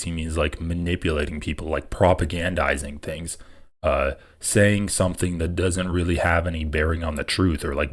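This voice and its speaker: Deep-voiced man ranting on a livestream. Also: darkish tone. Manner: scornful, profane ranting. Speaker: livestream host reacting to videos. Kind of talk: live reaction commentary.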